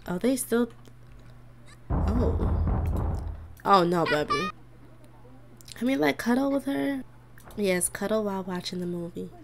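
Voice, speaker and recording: There's background noise as a young woman gives casual let's-play commentary on a life-sim, giggling and responding aloud to her characters. She's a gaming YouTuber with a mid-range voice, lively intonation, and vocal fry, speaking slowly with long pauses.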